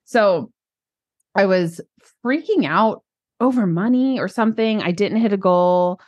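A woman co-hosting a casual podcast chat, telling stories with lively acted-out quotes. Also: medium pitch, unhurried, no echo, highs cut off. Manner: animated storytelling, acts out quoted lines. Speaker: podcast co-host, business coach.

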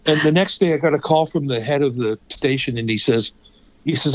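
A man spins animated stories and slips into the voices of the people he describes. His pitch sits in an ordinary middle range, and the lo-fi recording sounds slightly dull. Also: brisk, slight background noise. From Toronto, Canada. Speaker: former radio host and songwriter. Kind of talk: anecdotal storytelling in a conversation.

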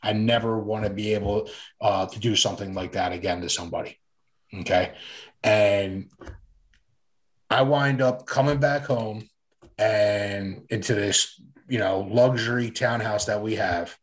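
A man's voice: fairly low pitch, fairly even intonation, a little slow. Rambling man telling his story. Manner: rambling, filler-heavy, frequent restarts and swearing. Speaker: guest sharing his recovery story. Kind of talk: casual personal storytelling.

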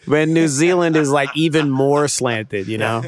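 A man's voice: a little high, measured pace, a little hiss or hum. A man co-hosting a podcast in casual banter, laughing often and swearing casually. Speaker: podcast co-host.

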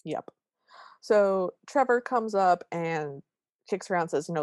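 A woman co-hosting a podcast, recapping a movie in wry, quick, casual chat. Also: on the low side, lively intonation, darkish tone, no echo, clean studio sound. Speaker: podcast co-host.

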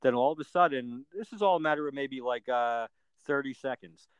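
A man's voice: mid-range voice, fairly quick, smooth, dry recording, rough recording. A middle-aged man, a podcast guest, telling a personal story earnestly and plainly, step by step, with everyday fillers.

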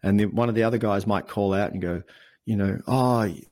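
An Australian man speaking as a podcast guest, telling stories in an earnest, animated way. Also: on the low side, quick pace. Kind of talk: conversational interview.

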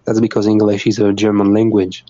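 A young man with a French accent, a musician guest in a casual interview, talking haltingly with many restarts and easy laughs. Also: on the low side, monotone, mellow, no room sound, muffled recording. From France. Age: young adult.

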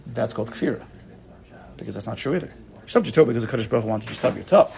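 A man's voice: medium pitch, racing, vocal fry. Guy giving a casual torah class, voice jumps up and down a lot, acts out little back-and-forths. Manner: animated, acts out little dialogues, frequent repeats.

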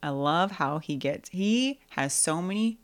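A young adult woman co-hosting a casual movie podcast, animated, breaking into high squeaky voices to act out scenes. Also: measured pace. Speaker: podcast co-host.

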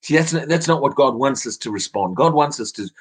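A man's voice: medium pitch, expressive, a little fast, breathy edge. A man preaching an evening sermon, earnest, often repeating words as he restarts his phrases.

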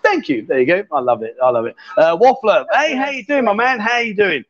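Teasing male host, lively pitch. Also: fairly quick. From England. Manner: teasing, jokey, reads out comments. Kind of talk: casual live-stream chat. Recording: dull lo-fi stream audio.

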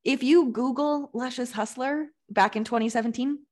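A woman business coach, a podcast guest, telling stories in an animated way and mimicking other people. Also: a little high, normal speed. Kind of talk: casual interview chat.

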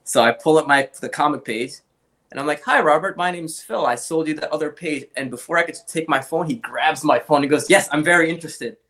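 Man telling animated collector anecdotes. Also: on the high side, fairly quick. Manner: animated anecdotes, acts out quoted voices. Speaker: guest, comic art collector. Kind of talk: casual storytelling in an interview.

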